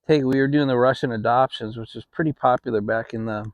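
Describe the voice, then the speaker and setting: A man's voice: mid-range voice, quick pace, dry recording, lo-fi sound. Middle-aged man telling a story casually. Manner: relaxed, rambling, with restarts. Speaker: channel host. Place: home, relaxed fireside setting.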